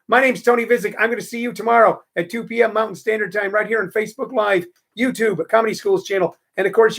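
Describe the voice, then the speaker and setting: Guy from st louis hosting a live comedy stream, rambly and chatty, gravelly voice. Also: high-pitched, a bit bright. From St. Louis, Missouri. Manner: rambling, chatty, self-interrupting. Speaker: comedy show host.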